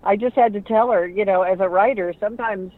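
A middle-aged woman, a radio personality and author, telling lively stories in an interview and acting out the voices of people she quotes. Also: medium pitch, fairly quick. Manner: animated storyteller who acts out quoted voices. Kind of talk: conversational storytelling interview. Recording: tinny phone-like line, dry.

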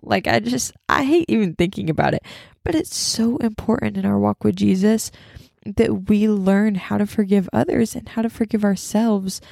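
A young woman with a gravelly voice on the high side shares a personal faith story in a casual Christian testimony. She chats freely, with lots of fillers and asides, and describes herself as loud. There's no echo, and the studio sound is clean.

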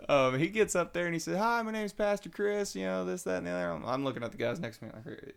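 A man telling his recovery story in casual, animated talk, acting out the voices of people he quotes. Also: high-pitched, fast talker, vocal fry, few pauses, clean tone. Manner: animated, acts out quoted voices, Southern colloquial.

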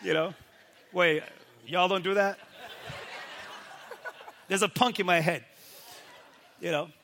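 A male pastor speaking in a casual, animated way, with a high voice. His tone is bright and forceful, and he keeps checking in with his listeners. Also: slow pace, slight background noise. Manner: animated, keeps asking "right?" and acts out quoted people. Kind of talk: casual faith talk.

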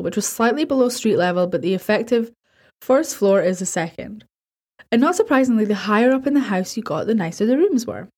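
A woman's voice: mid-range voice, darkish tone. A woman hosting a podcast, casually reading listener horror stories aloud, stumbling and correcting herself and swearing offhand. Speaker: podcast host.

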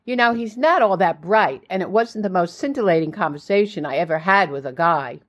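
A woman's voice: lowish voice, expressive, fairly quick. Older woman reading her memoir. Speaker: memoir narrator. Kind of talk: scripted memoir narration.

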